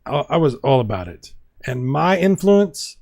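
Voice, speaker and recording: A man's voice: a little high, very animated, unhurried, vocal fry, darkish tone. A man hosting a casual video game livestream, reading viewer comments aloud with playful asides and frequent laughs. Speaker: livestream host.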